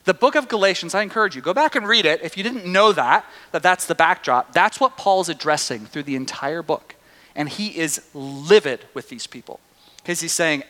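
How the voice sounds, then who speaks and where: A male pastor with a high, bright voice delivers an animated sermon. He swings from hushed asides to loud, excited bursts, and the long reverb of a hall trails every phrase. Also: normal speed.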